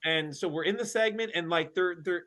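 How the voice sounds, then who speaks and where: A male wrestler telling a story in a casual interview, animated and full of fillers and slang. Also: sits high, brisk. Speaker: wrestler guest.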